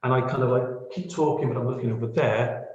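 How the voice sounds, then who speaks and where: A man's voice: medium pitch, fast, darkish tone, highs cut off, a little hiss or hum. A man, teaching audio editing in a chatty, self-deprecating way and often checking in with the listener. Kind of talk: screen-share editing tutorial. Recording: echoey room.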